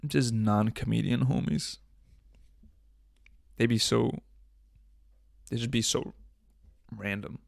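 A young man hosting a casual solo podcast, rambling and swearing with jokes, often coughing and clearing his throat into a close microphone. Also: mid-range voice, slow, pauses often, no room sound. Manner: rambling, profane, jokey, drifts between loud bits and mumbling. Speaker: podcast host. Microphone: studio microphone up close.

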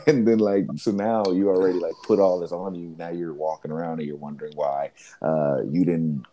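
A deep-voiced man talks loosely with friends on a podcast. His tone is dark and mellow, and he rambles and jokes, swearing freely as he goes. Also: steady tone, brisk. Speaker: podcast co-host. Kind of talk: casual chat.

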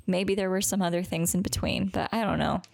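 A young woman chatting casually as a podcast co-host, her voice gravelly with vocal fry. She jokes around and giggles, playing with words. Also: on the low side, steady tone, a little fast, darkish tone. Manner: playful, giggly, jokey wordplay. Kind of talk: casual chat.

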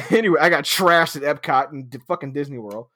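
A man's voice: a little high, bright, forceful tone, slightly rough. A man in his thirties telling a story in casual chat, swearing often and laughing as he talks. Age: 30s. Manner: profane, laughing anecdote telling.

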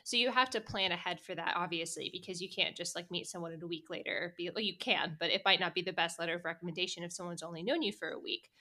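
Young woman, co-host, casual chat, animated, self-deprecating, bright tone. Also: lowish voice, quick pace, few pauses.

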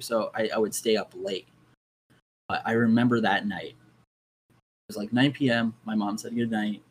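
Young male guest, low voice, animated spooky storyteller, faint noise behind. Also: rough recording. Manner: animated storyteller, acts out his own reactions. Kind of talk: casual ghost story telling.

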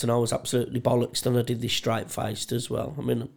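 Man, gravelly and mid-pitched, for sweary laughing anecdotes on a comedy podcast. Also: completely flat delivery, fast, a little mellow. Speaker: podcast co-host. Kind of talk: casual storytelling chat.

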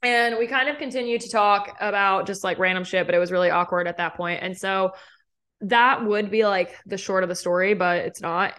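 With a smooth, mid-range voice carrying a bit of brightness, a young woman hosts a podcast and chats her way through a dating anecdote. She laughs a lot and performs the dialogue as she goes, keeping it casual.

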